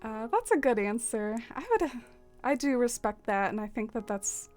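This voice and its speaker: A woman's voice: fairly high pitch, sing-song, moderate pace, darkish tone, faint music behind. A woman hosting a casual game livestream, chatting with viewers, with lots of fillers and frequent laughs. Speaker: livestream host. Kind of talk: casual livestream chat while playing a game.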